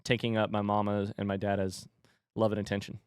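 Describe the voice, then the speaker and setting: A man's voice: on the low side, monotone, brisk, darkish tone, smooth, dry recording, studio quality, voice pushed down, natural voice. A man doing a grumpy old male dog. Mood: indignant. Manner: grumbling, indignant.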